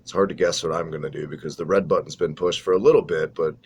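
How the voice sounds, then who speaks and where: A man's voice: sits low, fairly even intonation, fast, darkish tone, slightly rough. A man hosting a casual wrestling podcast, talking in a profane, sarcastic, rambling way. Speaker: podcast host.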